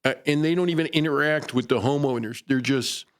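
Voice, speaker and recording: A man hosting a radio talk show, explaining ideas to listeners in a measured way. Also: medium pitch, clean tone. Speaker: radio host.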